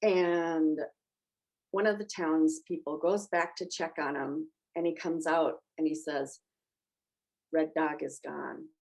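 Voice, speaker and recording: A woman's voice: low voice, fairly even intonation, takes it slowly, creaky, a little mellow, poor audio. A woman on a movie podcast, chatty and emotional as she retells a film's plot. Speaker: podcast panelist. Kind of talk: casual movie discussion.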